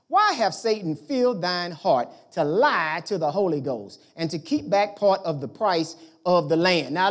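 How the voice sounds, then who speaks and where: A man preaching a sermon, speaking colloquially and emphatically to his congregation, rising loud and dropping to hushed storytelling. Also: sits high.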